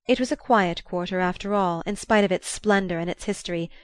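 A woman narrating a classic novel as an audiobook, in a measured, even, unhurried manner. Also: on the low side, no room sound, clean studio sound. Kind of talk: scripted literary narration.

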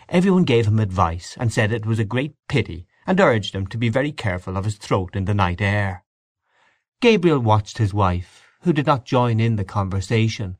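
A man giving a measured, expressive audiobook narration of a story. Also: lowish voice, dry recording. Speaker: audiobook reader. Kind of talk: scripted narration.

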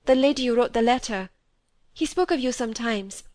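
A woman reading the part of a frail young widow who speaks softly and pleadingly, in a dry, close recording. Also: on the high side, brisk, dry recording, natural voice. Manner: soft, pleading, breaking into grief.

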